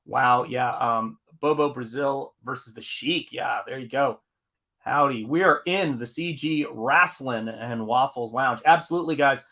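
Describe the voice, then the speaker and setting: Male streamer, bright tone, rambling and chatty while reading chat. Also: medium pitch, unhurried. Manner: rambling, reads chat aloud with fillers. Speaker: comic artist hosting a live stream. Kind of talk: casual live-stream chat.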